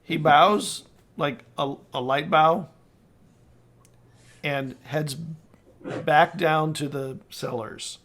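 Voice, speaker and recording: A man narrating as game master of a tabletop game, halting and slow, with many fillers. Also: on the high side, a bit bright. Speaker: dungeon master.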